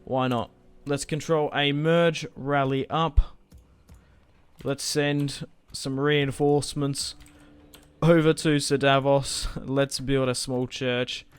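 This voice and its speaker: A man's voice: mid-range voice, steady tone, slow, smooth, no room sound. A man giving casual, thinking-aloud commentary on a strategy game he is playing, and swearing when things go wrong. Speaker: gaming channel host.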